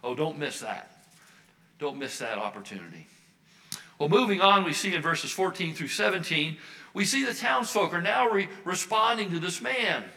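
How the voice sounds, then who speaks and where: A man's voice: on the high side, animated, normal speed, vocal fry, sharp tone, rough recording. An older American man, a Baptist minister, preaching a sermon earnestly and repeating his key phrases for emphasis. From United States.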